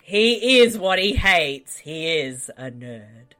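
A podcast co-host who teases and laughs along in casual chat. The voice is bright and expressive, and the delivery is unhurried. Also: mid-range voice, soft background music.

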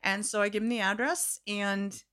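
Woman guest storyteller, bright edge to the voice, lively and theatrical in conversation. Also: mid-range voice, moderate pace, clean tone. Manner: animated, acts out quoted voices, laughs often. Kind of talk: casual storytelling chat.

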